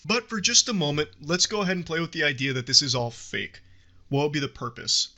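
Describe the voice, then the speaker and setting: A man's voice: fairly high pitch, fairly quick, pushed and bright. Man giving dramatic scripted commentary. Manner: dramatic, wry, hyperbolic. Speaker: commentary YouTuber.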